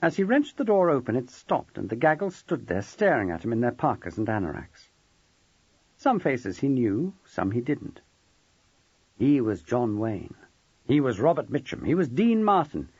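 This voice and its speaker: A man's voice: mid-range voice, big pitch swings, normal speed, a little mellow, breathy edge, no room sound, highs cut off. A man narrating a novel as an audiobook, telling the story expressively. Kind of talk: scripted narration.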